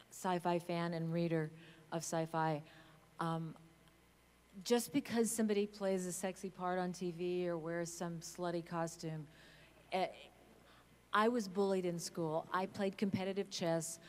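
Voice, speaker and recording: Woman on a fan panel: unhurried, frank, pokes fun at herself; big echoey hall. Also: lowish voice, fairly even intonation. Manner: frank, self-mocking, laughs at herself. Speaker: actor on a convention panel. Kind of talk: candid panel remarks. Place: large convention hall.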